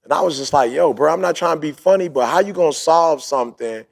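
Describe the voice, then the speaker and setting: A man's voice: a little high, fast, creaky. A man hosting a podcast, telling a story in a casual motivational way, acting out quotes and repeating his points. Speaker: podcast host.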